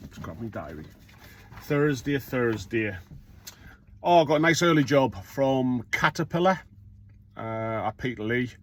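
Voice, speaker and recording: A man's voice: mid-range voice, sing-song, moderate pace. A middle-aged man, a self-employed courier talking casually in a rambling vlog monologue, blunt and swearing freely.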